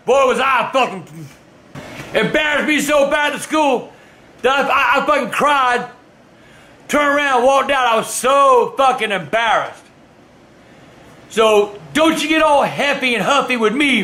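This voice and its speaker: Casting note: older man, a shouting foul-mouthed grandpa storyteller, high and sharp. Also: a little hiss or hum. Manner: loud, cursing, ranting. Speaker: grandfather telling stories. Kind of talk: profane storytelling to camera.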